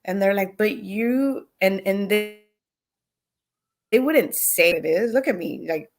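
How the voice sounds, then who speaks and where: A woman's voice: medium pitch, lively intonation, a little slow, faint music behind. A middle-aged woman guest on a podcast, telling an emotional personal story with animation. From California.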